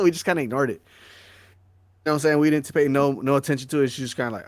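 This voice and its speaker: A man co-hosting a podcast, telling a story in casual chat, slangy and animated, with "bro" and "dog" peppering his talk. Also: medium pitch, very fast, dry recording. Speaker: podcast co-host.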